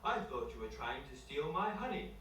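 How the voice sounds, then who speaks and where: Gruff but friendly male bear voiced by a man, storybook reading, distant mic with faint hiss. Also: medium pitch, big pitch swings, normal speed, fairly bright tone. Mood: apologetic. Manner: growls, then apologetic and hospitable. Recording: echoey room from far off, faint noise.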